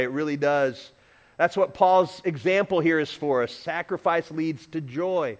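A man preaching a sermon as pastor, conversational, asking the congregation questions and adding humorous asides. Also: on the high side.

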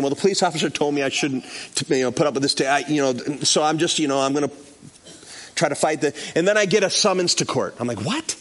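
A man preaching as a pastor, reading scripture and telling a personal story, acting out the people in it. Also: on the high side. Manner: animated, acts out the people in his stories. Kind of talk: sermon with storytelling.

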